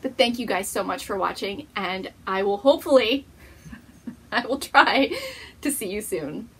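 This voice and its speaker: Female crafting host with a husky, breathy tone, warm-hearted pep talk to camera, easygoing and chatty. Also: medium pitch, a little slow. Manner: earnest and encouraging, chatty, coos to a pet. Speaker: knitting podcast host. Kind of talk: casual chat to camera.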